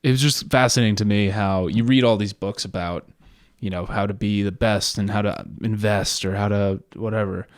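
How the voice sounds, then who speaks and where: A man's voice: on the low side, steady tone, moderate pace, few pauses, no echo, studio quality. A man co-hosting a podcast, talking in a laid-back, casual way. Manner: laid-back, full of fillers like "like" and "just". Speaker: podcast co-host. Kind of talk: casual chat.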